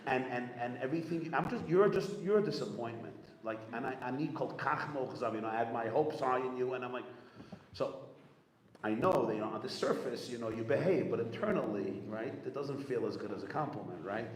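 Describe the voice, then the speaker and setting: A man giving a storytelling talk to a gathering, animated and repetitive, acting out the people he quotes. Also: mid-range voice, a little fast. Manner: animated storyteller, repeats phrases, acts out quotes. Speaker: rabbi speaking at a gathering. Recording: echoey hall with long reverb, faint room noise.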